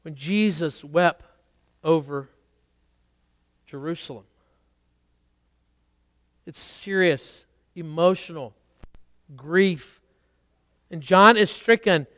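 A male pastor delivers a sermon in a high, smooth, resonant voice with a slightly bright tone. He swells into emphatic declarations, then drops low and quick for conversational asides, and the recording sounds close and dry.

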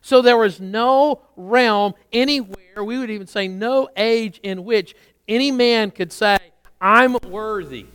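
A man delivering a sermon in a high, smooth, resonant voice. He swells into emphatic declarations and then drops low and quick for conversational asides. The sound is close and dry. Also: a bit bright, no room sound. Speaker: pastor.

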